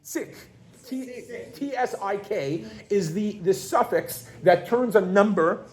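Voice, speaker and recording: Male language teacher for a group class, playful and joking, high and very animated voice. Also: slow. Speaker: Yiddish teacher. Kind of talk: classroom lesson. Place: classroom with a group of adult learners.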